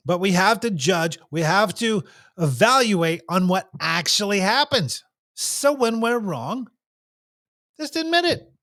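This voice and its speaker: A man's voice: high voice, expressive, takes it slowly, a bit bright. A man giving a casual talk on communication, repeating his points and acting out little quotes. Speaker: communication speaker.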